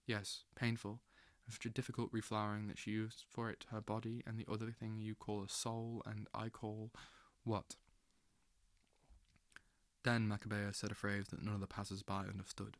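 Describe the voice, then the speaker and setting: A man reading a literary novel aloud as an audiobook, slow and intense, with dramatic swells. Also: on the low side, completely flat delivery, dry recording. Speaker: audiobook reader.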